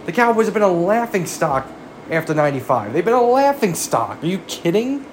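A man's voice: high voice, sing-song, a little fast, a little hiss or hum. A man giving a profane, exasperated sports rant as a fan commentator, firing off rhetorical questions.

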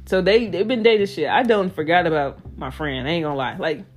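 A young woman hosting a casual solo podcast, talking in a loose, slangy, animated way with playful impressions. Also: lowish voice, a little fast, faint music behind. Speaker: podcast host.

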